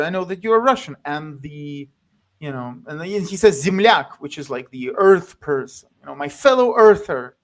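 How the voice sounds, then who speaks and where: Halting man with sudden pitch jumps. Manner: halting, loose, full of fillers and restarts, with sudden pitch jumps. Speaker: guest film commentator. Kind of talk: casual video chat about a film.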